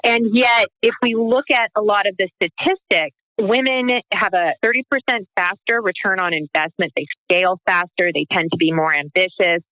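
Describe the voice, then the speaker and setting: Woman, podcast guest, persuasive, bright voice, dry close sound. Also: mid-range voice, normal speed, few pauses, no room sound, rough recording. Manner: earnest, persuasive, stresses statistics. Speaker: guest, founder of a women's business group. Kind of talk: interview answers.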